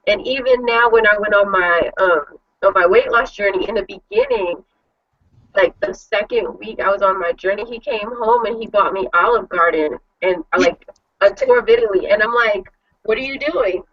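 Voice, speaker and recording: A woman's voice: medium pitch, recorded from a distance. Chatty woman host, lo-fi sound. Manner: chatty, animated storytelling with lots of "like". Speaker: host of an online panel show. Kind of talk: casual chat.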